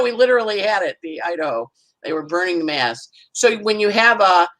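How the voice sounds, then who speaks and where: A woman's voice: on the low side, animated, brisk, a bit bright, rough recording. A woman astrologer, a guest, chatting casually through a weekly forecast and acting out little voices and sounds as she goes.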